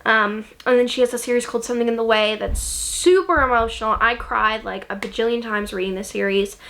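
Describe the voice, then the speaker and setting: A woman's voice: fairly high pitch, a little fast, a bit bright. A young woman chatting casually about books she loves, gushing, with lots of ums and likes. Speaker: book vlogger. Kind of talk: casual chat.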